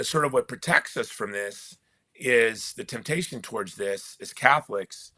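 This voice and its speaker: A man being interviewed as a guest author, talking in an animated, emphatic way with frequent restarts. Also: lowish voice, no echo. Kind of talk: casual conversational interview.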